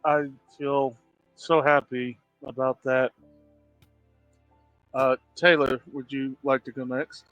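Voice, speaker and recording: Slow, flustered male stream host. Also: medium pitch, little pitch movement, fairly bright tone, dry recording, dull audio, soft background music. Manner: slow, self-deprecating, flustered. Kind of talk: casual livestream chat.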